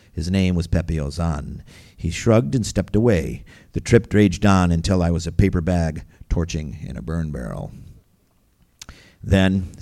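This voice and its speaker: A man's voice: deep voice, warm tone. A man reading his own first-person memoir aloud as a storyteller, vivid, wry and gritty.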